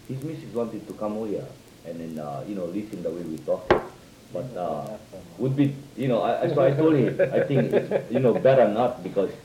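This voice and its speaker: A man with a Hawaiian Pidgin accent telling stories casually among friends, animated and full of fillers, acting out quoted speech. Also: on the low side. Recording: roomy, dull lo-fi recording.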